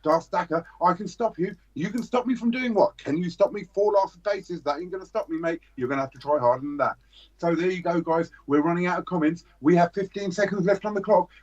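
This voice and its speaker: A British man hosting a charity livestream, running a joking fast-patter auction of a silver bar. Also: sits high. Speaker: livestream host. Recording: dull lo-fi stream audio.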